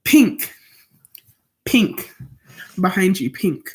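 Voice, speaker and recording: A teenage girl from Nigeria chats on a study live stream. She talks loosely and jumps from topic to topic as she reads out and answers questions from her viewers. Her voice sits at an ordinary, middling pitch. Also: very animated, extremely slow. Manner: chatty, rambling, answers chat questions aloud. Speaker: student streamer. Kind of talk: casual live-stream chat.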